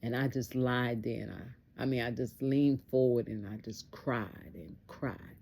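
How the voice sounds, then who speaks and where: A woman's voice: very deep voice, unhurried, creaky, a little mellow. A woman telling a personal testimony story in an earnest way, repeating phrases for emphasis.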